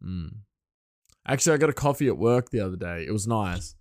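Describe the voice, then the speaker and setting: A man's voice: lowish voice, lively intonation, fairly quick, a little mellow, dry recording. Young man, rambling solo podcast chat, dry close sound, laughs often.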